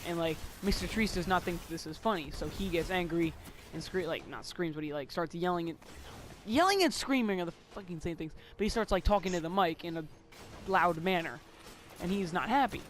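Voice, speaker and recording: High-voiced teen boy rambling through a story. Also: brisk, a bit bright, a little hiss or hum. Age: teens. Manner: rambling, giggly, swears casually. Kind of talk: casual story time chat.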